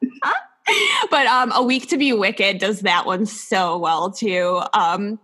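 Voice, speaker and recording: A woman's voice: medium pitch, wildly swooping pitch, slow pace, pushed and bright. A woman guest on a book podcast, talking casually and enthusiastically with frequent laughs. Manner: enthusiastic, laughs often, many fillers. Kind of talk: casual chat.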